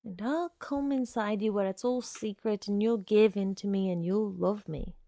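A woman voicing a smooth-talking, menacing young man who speaks in a coaxing, insistent way. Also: mid-range voice, moderate pace, warm tone, no echo, clean studio sound, natural voice.

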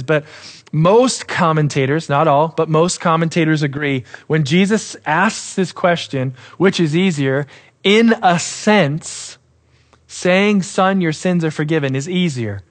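A man pastor preaching a sermon, acting out quoted voices and dropping soft for emphasis. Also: a little high.

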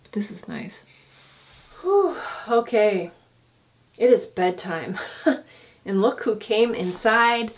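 Slow, relaxed woman in a quiet cabin. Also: fairly high pitch. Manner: relaxed and unhurried, softly talks to her dog; drops to a whisper at times. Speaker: vlogger. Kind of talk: casual vlog narration. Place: small off-grid wooden cabin, indoors.

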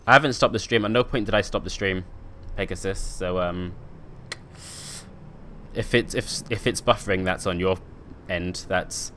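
A man's voice: deep voice, moderate pace, fairly bright tone, a little hiss or hum. A young man streaming a bus game, joking and chatting with viewers. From United Kingdom. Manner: chatty, joking, talks to chat. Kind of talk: casual gameplay commentary.

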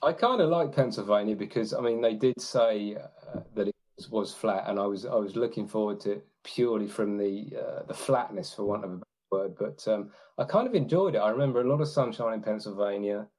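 A man's voice: fairly low pitch, brisk, hardly any pauses, a little mellow. A man chatting as a podcast guest, hesitant, with lots of ums and restarts. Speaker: guest, long-distance hiker. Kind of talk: casual podcast chat.

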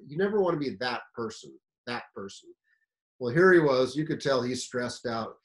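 A man from the United States giving a fire service career seminar, telling a story in an animated, emphatic, conversational way. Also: mid-range voice, moderate pace, rough recording.

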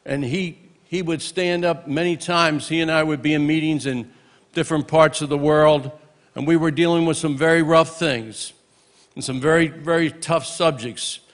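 A man in his late sixties speaks at a church memorial. His voice sits a little high for a man. He shares memories of an old friend as stories and breaks into shouts of praise between them. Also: fairly even intonation, normal speed. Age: 60s. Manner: storytelling, punctuated with exclamations of praise. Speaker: minister giving a eulogy. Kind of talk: memorial tribute speech with humorous anecdotes.

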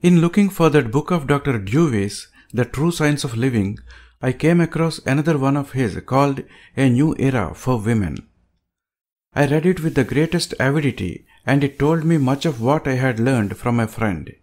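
A man reading an audiobook aloud with a measured, emphatic delivery. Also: mid-range voice, animated, darkish tone. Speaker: audiobook reader.

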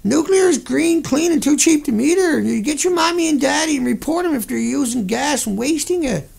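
A man voicing a glib male nuclear industry spokesman giving a falsely reassuring radio pitch. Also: lively intonation, a little fast, gravelly, darkish tone, heavily acted.

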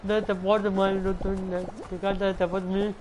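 A man streaming a game, talking in halting, repetitive English mixed with Hindi. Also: high-pitched, completely flat delivery, over music, rough recording. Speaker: gaming streamer. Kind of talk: casual live-stream chat.

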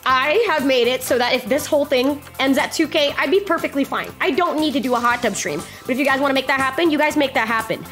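A young woman streaming live with a high-pitched voice. She rambles to chat, swearing casually, with faint game music underneath. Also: fast, few pauses, a bit bright. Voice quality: profane, rambling.

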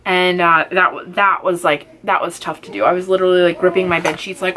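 A woman's voice: fairly low pitch, steady tone, a little fast, hardly any pauses, pushed and bright. A young woman, casually telling a personal story to camera with lots of fillers and acted-out quotes. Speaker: vlogger. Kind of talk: chatty get-ready-with-me storytelling.

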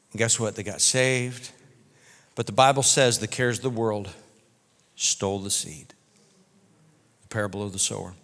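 A man preaching a sermon as pastor, telling folksy stories in an animated way. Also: lowish voice, moderate pace, long pauses. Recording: reverberant church hall.

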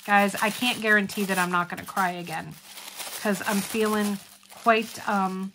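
A woman hosts a casual craft unboxing vlog in a slow, unhurried way. She gushes over each item and chats warmly with her viewers. Her voice sits at a middle pitch. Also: fairly even intonation, a little hiss or hum. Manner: gushing, chatty, addresses viewers as guys. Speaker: craft channel host.

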